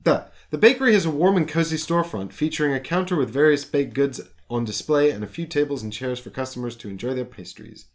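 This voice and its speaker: A man's voice: mid-range voice, quick pace, hardly any pauses. Man reading a game book aloud. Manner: steady reading with small stumbles and restarts.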